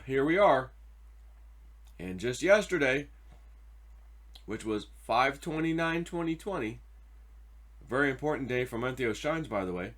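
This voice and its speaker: A man hosting his own commentary video, excitable and mocking, swinging from loud repeated outbursts to a low mutter. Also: a little slow, pauses often. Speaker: host.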